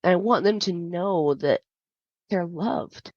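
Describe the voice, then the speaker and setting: Slowly and in a darkish, fairly low tone, a woman hosting a podcast confides a personal story, using many fillers. The recording has a dry, dull lo-fi quality with no echo.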